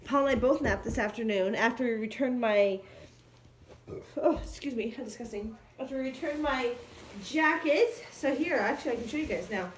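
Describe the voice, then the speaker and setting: A woman's voice: a little high, moderate pace, a little hiss or hum. A sick woman vlogging casually at home and then outside in the snow, rambling to her viewers and her dog on a handheld phone. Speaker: vlogger and mother.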